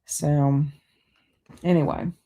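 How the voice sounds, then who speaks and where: A woman's voice: low voice, fairly even intonation, slow pace, warm tone. A woman hosting a livestream, chatting casually and reading out viewer comments while multitasking. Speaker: BookTube livestream host.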